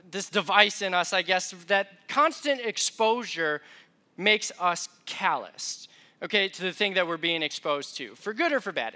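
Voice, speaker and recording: A young male preacher delivers a sermon with a conversational, self-deprecating storytelling touch. His voice sits high for a man and rings bright and forward.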